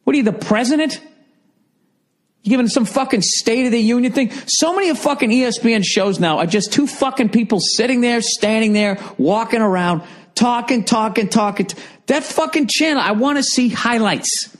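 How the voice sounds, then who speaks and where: A man's voice: very high voice, normal speed. A man in his forties with a Boston accent, hosting a solo podcast in a profane, rambling comedic rant. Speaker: podcast host.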